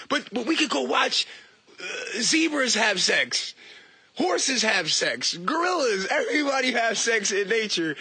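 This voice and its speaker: Bright, husky-voiced man ranting casually. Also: very high-pitched, normal speed, no echo. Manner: profane, animated, mocking, laughs at himself. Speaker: online talker. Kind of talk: casual rant.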